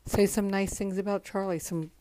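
A woman in her forties hosting a podcast, talking casually in a soft, halting way, worn out from crying. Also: medium pitch, fairly even intonation, dry recording. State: exhausted from crying. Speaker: podcast host. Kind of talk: casual spoken tribute monologue.

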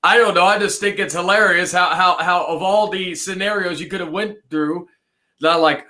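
A man's voice: sits high, fairly even intonation, moderate pace, sharp tone. A man co-hosting a podcast, rambling in casual banter, repeating words and restarting sentences. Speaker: podcast co-host.

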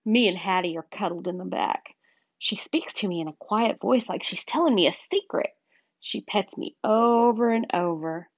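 A woman reading a children's chapter book aloud with expressive, animated storytelling. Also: medium pitch, no echo. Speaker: storybook reader. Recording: dull, dry recording.

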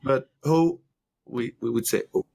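A man with a French accent, telling a lively story in a casual group chat, swearing freely. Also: medium pitch, a little slow, creaky, crowd noise. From France. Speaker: panelist.

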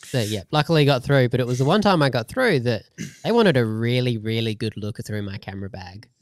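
A man co-hosting a podcast, recounting an airport delay in a relaxed, easygoing way. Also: mid-range voice, fairly quick, dry recording. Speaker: podcast co-host. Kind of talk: casual chat.

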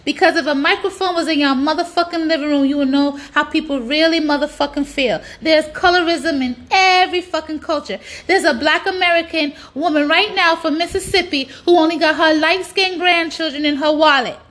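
A woman's voice: high voice, fairly quick, hardly any pauses, fairly bright tone. A woman delivering a blunt, profane ranting monologue, hammering points with repetition. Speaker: social media commentator.

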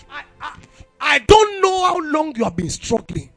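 A Nigerian man preaching with fervor, his voice very high and gravelly. He swings his pitch widely and bursts into shouts, with a bright, forceful edge. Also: big pitch swings, normal speed, no room sound, faint music behind. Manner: impassioned, bursts into shouted exclamations. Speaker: youth preacher. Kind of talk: sermon.

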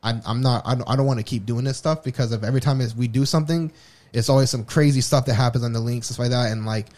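A man's voice: medium pitch, steady tone, fast talker, a little mellow. A man co-hosting a podcast, telling a personal story in a candid, rambling way full of restarts. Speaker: podcast co-host. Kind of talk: casual personal chat.

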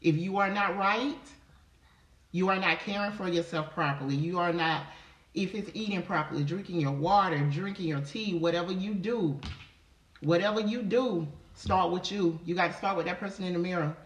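A woman's voice: fairly low pitch, moderate pace. A woman co-hosting a casual motivational chat, speaking fervently and preaching, repeating phrases for emphasis. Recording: roomy, distant from the mic.

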